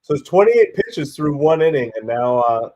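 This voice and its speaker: Talking at normal speed, a man hosts a chill live stream in a voice made hoarse and stuffy by a cold. His play-by-play is chatty and casual, wandering through stats and plays and turning excited on close pitches.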